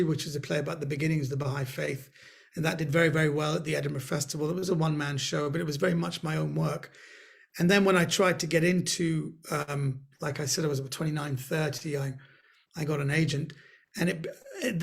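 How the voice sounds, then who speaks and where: A middle-aged man telling stories in an animated way on a video call, often laughing as he talks. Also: fairly high pitch, creaky, breathy edge. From Britain. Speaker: guest speaker. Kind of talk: anecdotal storytelling.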